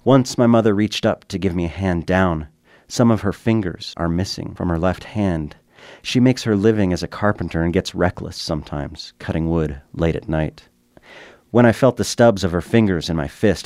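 A man, a radio commentator, reading a reflective personal essay in a measured, quiet storytelling manner. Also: sits low, dry recording, studio quality.

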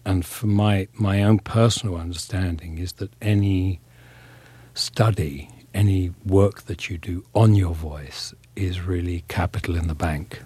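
Male actor guest from England: deep, husky, reflective, unhurried. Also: steady tone, dark tone, no echo. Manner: thoughtful, measured, searching for words. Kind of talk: reflective interview talk.

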